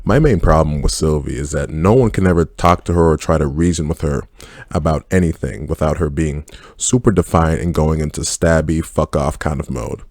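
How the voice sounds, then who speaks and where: A man's voice: a bass voice, moderate pace, a little mellow, no room sound, studio quality. A man giving a casual, blunt spoken review of a TV series, swearing freely and speaking his mind. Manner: blunt, profane, candid opinions. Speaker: film and TV reviewer.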